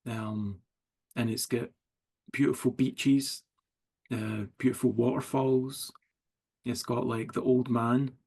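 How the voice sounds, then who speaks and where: A man's voice: mid-range voice, level tone, takes it slowly, vocal fry, long pauses, a little mellow, husky. A middle-aged Scottish man, a writer as interview guest, rambling through anecdotes full of likes and quoted dialogue. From Scotland. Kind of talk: casual storytelling chat.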